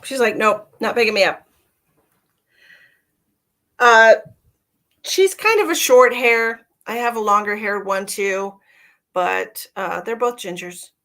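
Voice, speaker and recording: A woman's voice: measured pace, a bit bright. Chatty woman hosting live psychic readings. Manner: chatty, breaks into high-pitched baby talk calling her cat. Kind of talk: casual livestream chat.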